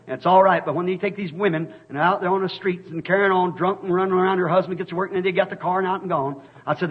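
A man preaching an impassioned revival sermon, swinging from storytelling asides to shouted warnings. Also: high-pitched, husky. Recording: dull lo-fi old sermon tape.

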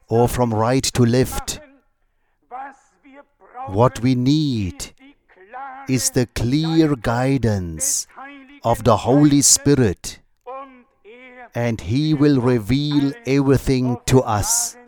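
A man preaching a sermon, reading scripture aloud in a slow, measured way with long pauses between phrases. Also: mid-range voice, dark tone.

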